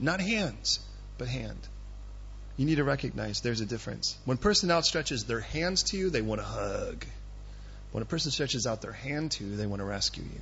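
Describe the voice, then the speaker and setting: A man's voice: medium pitch, expressive, brisk, sharp tone, dull audio, a little hiss or hum. A male pastor preaching a sermon in a conversational, punchy way, quizzing his listeners.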